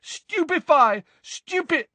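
A man voicing a desperate, defiant teenage boy who shouts in a frantic, strained way. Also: very high voice, lively intonation, slow, no echo, pitched above the performer's own voice, heavily acted. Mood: fierce.

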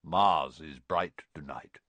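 A man's voice: a bass voice, slow, sharp tone, dry recording, voice pushed down, exaggerated voice. A man voicing a wild, aloof male centaur who speaks tersely and formally in a storybook reading.

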